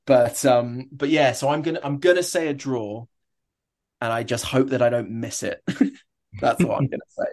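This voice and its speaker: Chatty, excitable man telling stories. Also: mid-range voice, normal speed. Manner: chatty, enthusiastic storyteller with many restarts. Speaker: stadium announcer guest. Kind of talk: casual interview chat.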